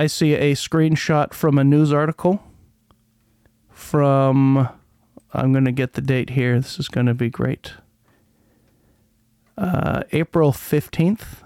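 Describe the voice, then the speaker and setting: Casting note: man, solo podcast host, sarcastic and rambling, higher voice, smooth and clear, dry close mic. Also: darkish tone, no echo. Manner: rambling, sarcastic, stumbles over words while reading. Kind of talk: casual solo podcast, reading a news article.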